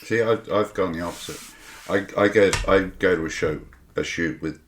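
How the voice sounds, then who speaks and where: A very low-voiced man answers in short, calm and measured remarks, steady and unhurried. His voice carries a roomy echo. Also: slight background noise. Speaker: archery range owner, guest. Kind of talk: casual chat.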